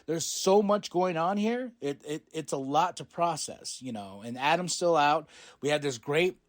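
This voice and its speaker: A man hosting a podcast, casually recapping a show, excitable, laughing often and swearing freely. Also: a little high, normal speed. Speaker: podcast host.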